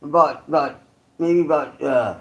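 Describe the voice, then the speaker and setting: A man's voice: on the high side, measured pace, a bit bright. A man from California telling a rambling story in casual, profane street slang.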